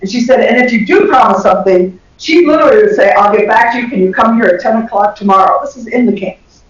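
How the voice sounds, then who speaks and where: An older woman from the American South with a Southern accent, giving an animated lecture to health workers and laughing often. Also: on the high side, fast talker. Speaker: communication professor giving a lecture. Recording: echoey dull recording from far off.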